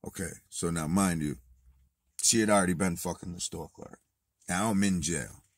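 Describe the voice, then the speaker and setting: Deep husky man telling a wild story. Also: moderate pace, no room sound. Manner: profane, animated retelling, swings from muttered to shouted. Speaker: vlogger. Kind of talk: casual storytelling monologue.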